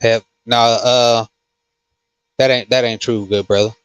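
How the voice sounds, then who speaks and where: A man who hosts a casual livestream and reads comments, talking slowly with many fillers and restarts. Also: medium pitch, level tone, clear, resonant tone, no echo, highs cut off. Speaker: host.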